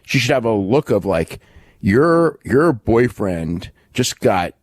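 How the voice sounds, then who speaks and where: Deep-voiced man rambling about wrestling. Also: big pitch swings, no echo. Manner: rambling, halting, many fillers and restarts. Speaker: podcast co-host. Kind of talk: casual wrestling recap chat.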